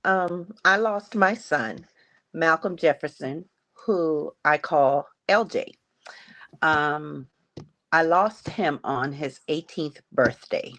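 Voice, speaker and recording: A middle-aged woman slowly and haltingly telling a painful personal story as a podcast guest. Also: low-pitched, a bit bright. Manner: slow, halting, emotional retelling. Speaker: guest sharing her story. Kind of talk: personal testimony on a grief podcast.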